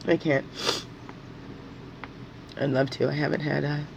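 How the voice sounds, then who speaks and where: A woman's voice: low voice, level tone, unhurried, vocal fry, dull audio, noisy background. A woman talking through her feelings in an emotional, rambling monologue, at times crying and repeating her words as her voice rises. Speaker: spiritual guidance vlogger.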